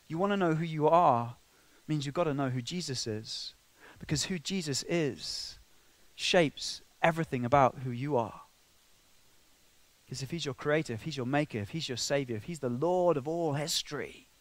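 A man preaching a sermon, conversational and full of asides, swinging from quiet, intimate remarks to loud, emphatic passages. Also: medium pitch, normal speed, no room sound.

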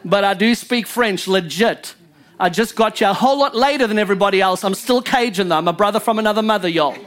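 A man's voice: sits high, fast, fairly bright tone, a faint crowd. A male pastor preaching a sermon in church, emphatic and joking with his congregation.

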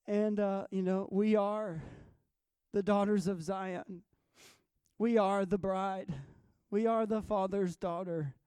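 A man with a high, light voice recounts his dreams and visions as a guest, swinging from near-whispers to raised bursts. The sound is dry and close, with no room around it. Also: slow, smooth, no room sound. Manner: animated, swinging from hushed to loud. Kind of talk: storytelling about dreams and visions.

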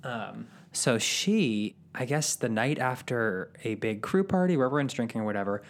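A man's voice: medium pitch, animated, moderate pace. A man co-hosting a podcast, telling a story in a casual, rambling way with frequent ums. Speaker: podcast co-host.

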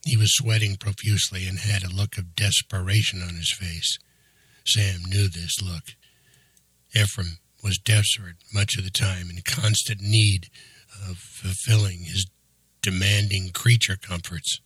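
A man narrating an audiobook in a steady, even storytelling manner. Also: sits low, a little slow, breathy edge, dry recording.

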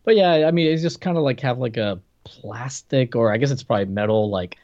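A man co-hosting a podcast, chatting hesitantly about a comic with restarts and quick agreements. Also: medium pitch, a little mellow. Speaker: podcast co-host. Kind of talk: casual comic book chat. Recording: dull lo-fi sound.

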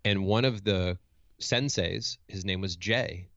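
This motivational speaker and coach has a deep, slow voice with a fairly bright tone, captured lo-fi and without echo. He tells a personal story reflectively and candidly, thinking aloud, restarting sentences and asking "right?" along the way.

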